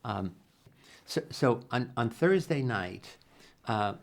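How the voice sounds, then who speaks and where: Older male psychologist, gravelly voice, earnest storyteller with lively quoted dialogue. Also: medium pitch, takes it slowly. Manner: earnest, animated retelling with acted-out quotes and many restarts. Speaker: psychologist interviewee. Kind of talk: reflective interview storytelling.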